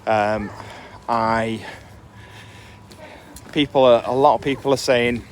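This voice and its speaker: A man's voice: mid-range voice, fairly even intonation, takes it slowly, long pauses, slight background noise. A man co-hosting a podcast, chatting casually about football with lots of ums, recorded outdoors on the move. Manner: chatty, hesitant with frequent ums. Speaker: podcast co-host.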